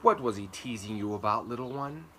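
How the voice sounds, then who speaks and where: A man voicing a kind, gentle male teacher who speaks softly and reassuringly, in a children's storybook reading. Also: fairly low pitch, fairly quick, slight background noise. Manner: soft and reassuring.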